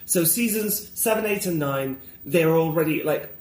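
A man's voice: a little high, lively intonation, moderate pace, darkish tone, echoey room. A man talking as a guest in a casual conversation, enthusiastic and opinionated, wandering off on tangents.

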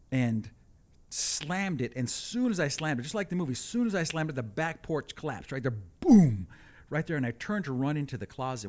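Animated, lively-pitched male storyteller. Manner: animated, deadpan asides. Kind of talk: comic personal storytelling.

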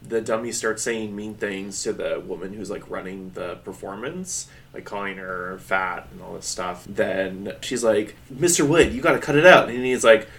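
A man's voice: low voice, unhurried, hardly any pauses, slight background noise. A man co-hosting a podcast in casual chat, rambling and laughing often as he acts out quotes. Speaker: podcast co-host.

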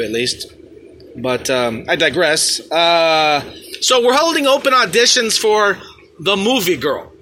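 A man's voice: on the high side, bright, forceful tone, a little hiss or hum. A man with a New York accent hosting a comedic rant, brash, profane and rambling. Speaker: comedic host.

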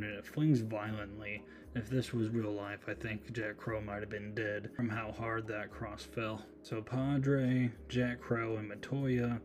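Low, flat-voiced man hosting a podcast. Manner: casual, chatty retelling with asides. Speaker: podcast host. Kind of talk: solo horror movie recap podcast.

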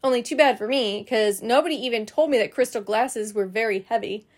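A woman's voice: a little high, brisk, lightly acted. A woman reading a children's book aloud, voicing a spirited little kindergarten girl who chatters in childish grammar. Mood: worried.

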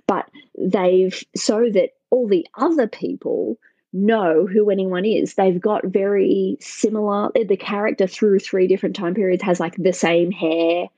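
A chatty woman from Australia whose accent leans a little North American, talking casually and laughing at herself. Her voice is a touch husky, recorded dry and close with a slightly dull, lo-fi sound. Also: lowish voice, mellow, no echo. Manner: chatty, self-deprecating, laughs often. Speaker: sausage maker and brewer, guest. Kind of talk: casual interview chat.

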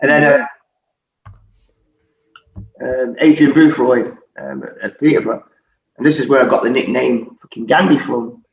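A man's voice: mid-range voice, moderate pace, creaky, long pauses. A middle-aged man, a former footballer, telling stories in casual chat, swearing often and laughing as he goes. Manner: sweary, laughing, animated storyteller. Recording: echoey, distant, dull audio with faint noise.

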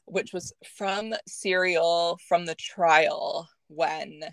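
A woman's voice: fairly low pitch, steady tone, extremely slow, creaky, no room sound. A young woman co-hosting a podcast in casual chat, laughing often and talking with many fillers. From Canada. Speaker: podcast co-host.

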